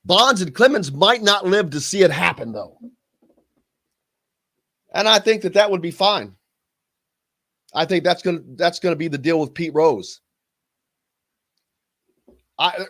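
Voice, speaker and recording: A man with a Southern Indiana accent hosts sports radio from a studio. His voice sits a bit high, and he talks in an animated, excitable way. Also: unhurried, long pauses. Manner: animated, excitable, hums jingles. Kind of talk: casual sports radio chat.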